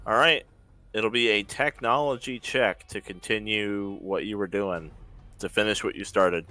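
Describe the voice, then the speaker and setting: A man running a tabletop role-playing game as game master, narrating scenes and calling the rolls in a lively way. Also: on the low side, unhurried. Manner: lively, animated narration and rulings.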